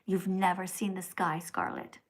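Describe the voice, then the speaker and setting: A middle-aged woman hosting a livestream, reading paid chat messages aloud and lecturing the sender in a preachy, scolding way, dropping to hushed whispers and rising to loud outbursts. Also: fairly low pitch, big pitch swings, unhurried, creaky. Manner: preachy, scolding, repeats the commenter's name. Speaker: livestream host.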